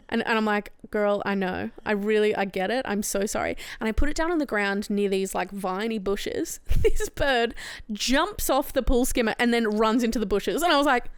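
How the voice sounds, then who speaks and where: A woman's voice: on the high side, clean tone, dry recording. A young woman, co-hosting a book club podcast and telling a story with lots of laughter and acted-out quotes. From Australia. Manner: animated, laughs often, acts out quotes loudly. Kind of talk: casual chat, storytelling.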